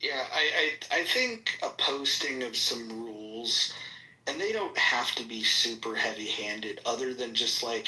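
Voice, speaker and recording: A man's voice: medium pitch, moderate pace, sharp tone, roomy sound, poor audio. A man moderating an audio chat room, talking casually with many restarts and fillers.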